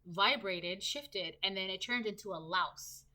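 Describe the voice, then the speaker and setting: A woman reads tarot for her viewers in a loose, conversational way. She rambles and keeps checking in with "right?". Her voice has a bright, forceful edge. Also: mid-range voice, unhurried. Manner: rambling, tags sentences with "right?". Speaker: tarot reader. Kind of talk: casual spoken tarot reading.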